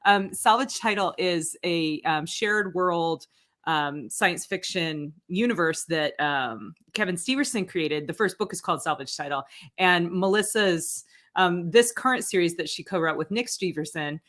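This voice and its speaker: A woman's voice: fairly low pitch, a little slow, a bit bright. A woman hosting a casual livestream chat from home over a video call, chatty and giggly, with lots of fillers. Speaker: livestream host.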